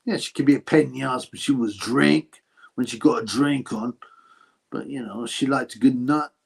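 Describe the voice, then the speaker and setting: A husky British man with vocal fry speaks at normal speed in a mid-range voice. As host of a live stream, he reads out questions from viewers and responds bluntly, crudely and casually.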